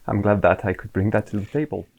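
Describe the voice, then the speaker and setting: Low-voiced Frenchman guesting on a podcast. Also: level tone, fast talker, creaky, a little mellow. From France. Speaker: podcast guest, PPC campaign manager. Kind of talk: casual podcast chat.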